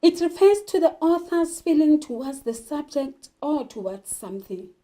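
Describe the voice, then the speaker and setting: A woman teacher explaining poetry and literature terms, slowly asking questions and answering them herself. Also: high-pitched, expressive, mellow. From South Africa. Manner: slow, deliberate, poses questions then answers them. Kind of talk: literature lesson.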